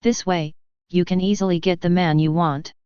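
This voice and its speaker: A woman reading as a cruel succubus demon, soft coquettish manner, lowish voice, dry close sound. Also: steady tone, moderate pace, clear, resonant tone, no room sound, muffled recording, close to an everyday voice. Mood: teasing.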